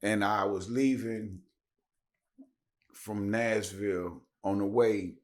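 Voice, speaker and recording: As a guest on a podcast, a man from Tennessee tells a story casually, speaking slowly in a low voice. He gets animated, raising his voice to act out the dialogue.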